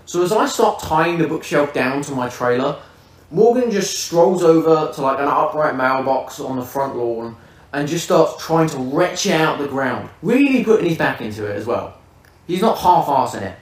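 Podcast host, man, lively profane storyteller, slightly high voice, echoey room, mic set back. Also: moderate pace. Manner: vivid, swearing, comic storyteller. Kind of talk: casual storytelling. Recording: roomy, distant mic.

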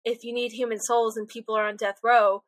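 A young woman co-hosting a podcast, chatting casually in an animated, rambling, self-deprecating way. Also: a little high, a little fast, dry recording. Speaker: podcast co-host. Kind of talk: casual chat.

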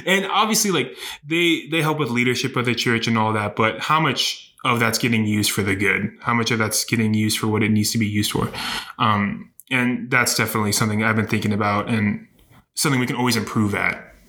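A man's voice: lowish voice, brisk, sharp tone. A young man as a guest on a casual podcast, agreeable and reflective, often laughing. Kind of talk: casual conversation.

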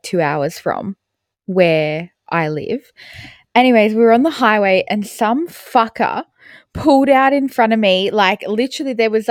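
A woman's voice: medium pitch, dry recording, clean studio sound. A young woman co-hosting a podcast, telling stories in casual chat, laughing and swearing freely. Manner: animated storyteller, swears freely, laughs often. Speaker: podcast co-host.

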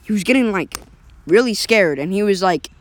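A man's voice: sits high, expressive, moderate pace. A man telling an improvised story in a casual, rambling way, correcting himself often, his voice cracking at times.

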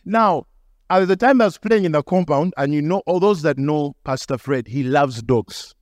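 A man's voice: normal speed, no echo, clean studio sound. A young adult male pastor, telling a story in a sermon and acting out the voices in it. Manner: animated, acts out dialogue with shifting pitch.

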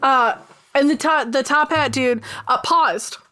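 A woman's voice: high voice, measured pace, pushed and bright. Bubbly young-sounding woman running a game. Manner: bubbly, chatty, with frequent ums. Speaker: game master. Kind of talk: narrating a tabletop game over a voice call.

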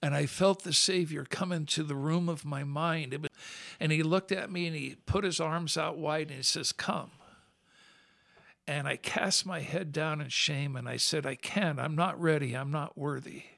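A man speaking as a podcast guest, his voice sitting fairly high and carrying a gravelly rasp. He tells his story in an earnest, heartfelt way, recorded close and dry with no room sound. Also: moderate pace, a bit bright, no room sound.

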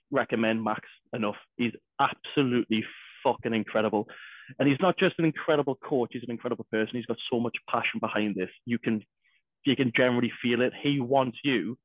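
A man's voice: medium pitch, dry recording. A man co-hosting a podcast, talking casually and energetically, swearing often. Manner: heavy swearing, energetic, restarts. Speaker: podcast co-host. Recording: dry tinny phone-like sound.

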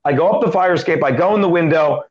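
A middle-aged man with a fairly high voice tells a rambling comic story as an interview guest. He jumps between asides and acted-out quotes. The recording sounds dull and lo-fi. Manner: animated, quick joking delivery with acted quotes. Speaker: comedian guest.

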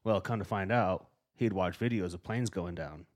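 His voice sits low and moves at a moderate clip as this middle-aged podcast co-host recounts a tale. It's an informal, swear-heavy chat, animated throughout, and he plays out the quoted lines.

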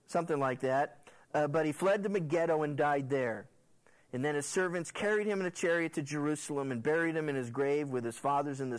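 Animated man preaching a sermon. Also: fairly high pitch, low-quality recording. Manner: animated storyteller who acts out the characters' lines. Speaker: pastor. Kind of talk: sermon, retelling scripture.

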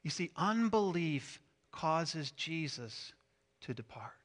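A middle-aged man preaching a sermon as pastor, animated, swinging from loud emphasis to hushed asides. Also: on the high side, slow pace.

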